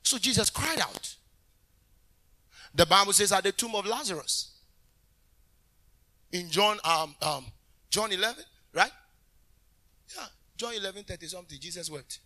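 High, lively preaching man. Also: a little slow, long pauses. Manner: animated preaching with sudden shouted bursts; talks directly to the congregation. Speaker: minister. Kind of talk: sermon.

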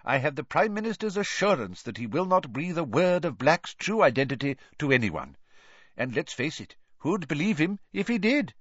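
A man's voice: a little high, big pitch swings, normal speed, a bit bright, no echo, pitched above the performer's own voice. A man voicing a pompous, irritable male government minister who talks in a fussy way, on a dull lo-fi audiobook recording.

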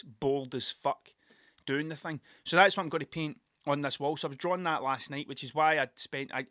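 A man's voice: a little high, bright, forceful tone, dry recording, clean studio sound. A man telling a rambling, sweary story in a casual podcast monologue, laughing as he goes. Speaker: podcast host and artist.

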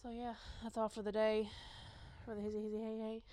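A woman's voice: a little high, completely flat delivery, fairly quick, dark tone, a little hiss or hum. A young adult woman co-hosting a podcast in casual chat, joking and laughing often. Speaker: podcast co-host.

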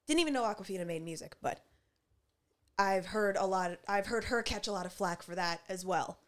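A woman's voice: medium pitch, a little fast. A woman hosting a casual chat, asking curious questions and giving brief agreeing replies.

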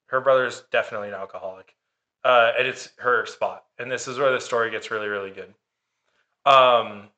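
A man's voice: medium pitch, pushed and bright. A man telling a dating story in casual chat, sarcastic and swearing freely. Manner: sarcastic, profane.

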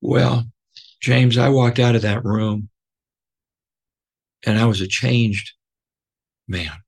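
A man guest telling a personal story, earnest and emotional, halting with many fillers and restarts. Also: mid-range voice, fairly even intonation, creaky, darkish tone, husky. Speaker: podcast guest.

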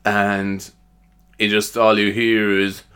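A man's voice: lowish voice, level tone, takes it slowly, a bit bright, clear, resonant tone. Chatty man rambling. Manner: chatty, self-amused, lots of fillers and laughs. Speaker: podcaster. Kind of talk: rambling solo chat.

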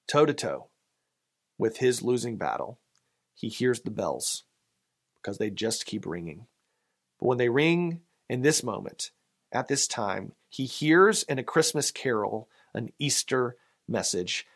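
A male pastor giving an earnest Easter sermon, slowing down to read poetry with rising emphasis. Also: mid-range voice, very animated. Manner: earnest preaching, reading poetry slowly with swells of emphasis.

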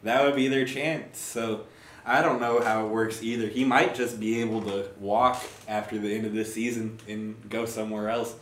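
A young man co-hosting a podcast, talking in a joking, loose way and swearing freely. His voice sits at an ordinary pitch and carries the echo of a bare room. A faint background hiss runs under it. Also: fairly even intonation, normal speed, fairly bright tone. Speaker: podcast co-host. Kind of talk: casual chat. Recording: echoey room.

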